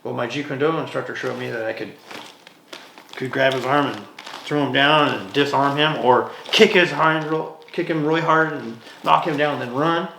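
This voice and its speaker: Casual gravelly guy acting out stories on a podcast, echoey room. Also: medium pitch, normal speed. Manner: animated storyteller, acts out dialogue in quoted voices. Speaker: martial arts instructor, podcast guest. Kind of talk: casual interview storytelling. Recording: roomy echo, faint noise.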